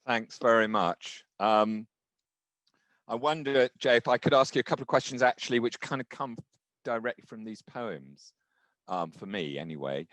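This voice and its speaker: A man's voice: mid-range voice, animated, moderate pace, a bit bright, no room sound. A middle-aged male professor moderating a panel, asking questions in a hesitant, searching way. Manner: hesitant, searching phrasing with restarts.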